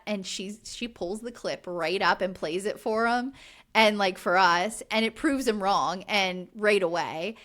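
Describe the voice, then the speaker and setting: Woman, podcast co-host, casual recap chat, exasperated chatty delivery, mid pitch. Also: a little slow, fairly bright tone.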